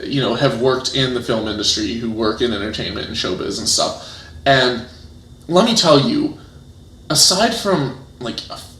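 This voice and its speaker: A man talks as an interview guest, spinning animated stories full of fillers and false starts. His voice sits at an ordinary middle pitch. The recording has a roomy echo. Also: slight background noise. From United States. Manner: animated storytelling, many restarts and fillers. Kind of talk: casual interview chat.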